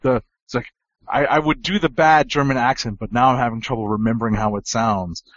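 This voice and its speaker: A man's voice: medium pitch, fairly even intonation, fairly quick, fairly bright tone, no room sound, dull audio. A man co-hosting a casual comic book podcast, talking with many fillers and restarts. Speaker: podcast co-host.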